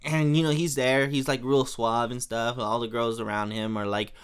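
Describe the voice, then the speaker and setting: A young man hosting a podcast, casually recapping an episode, chatty and laughing often, briefly acting out lines in quick voices. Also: medium pitch, little pitch movement, clean tone. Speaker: podcast host.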